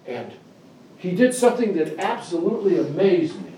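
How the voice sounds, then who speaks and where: A male pastor preaches in a church, mixing scripture reading with personal stories and climbing to emphatic heights on key verses. His voice sits a bit high and is picked up from a distance, with a roomy echo and faint ambience behind it. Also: normal speed, a little hiss or hum. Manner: animated storyteller, rising to high emphatic pitch on scripture. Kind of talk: sermon with scripture reading and anecdotes. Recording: echoey room, distant mic, faint ambience.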